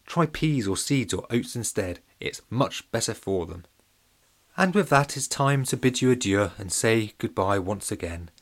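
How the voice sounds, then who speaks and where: A man's voice: on the low side, lively intonation, measured pace. Playful man reading a children's story. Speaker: narrator.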